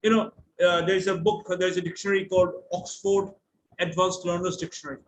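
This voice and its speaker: A man's voice: high-pitched, little pitch movement, fast talker, slight background noise, rough recording. A man with an Indian English accent giving an online lecture to students, explaining patiently and spelling words out letter by letter over a video call.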